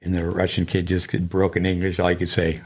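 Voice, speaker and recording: A man's voice: sits low, monotone, a little fast, husky. An older man, a tennis coach and podcast co-host, telling long digressive stories in casual chat, with many restarts.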